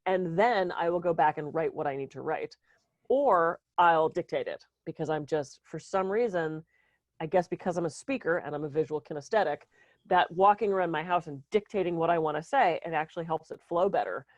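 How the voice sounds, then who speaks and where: A woman's voice: sits low, a little fast, no room sound. A woman co-hosting a podcast as a speaker and coach, telling candid stories about herself in a casual chat. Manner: candid, storytelling, self-deprecating.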